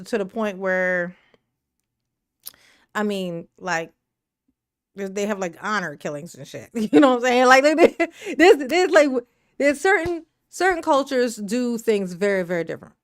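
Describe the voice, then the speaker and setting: A woman hosts a casual live stream from home, thanking viewers and riffing in slangy, emotional talk. She laughs often and drawls her words out slowly. Her close microphone sounds dry, with no room echo. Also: mid-range voice, clear, resonant tone. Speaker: livestream commentary host.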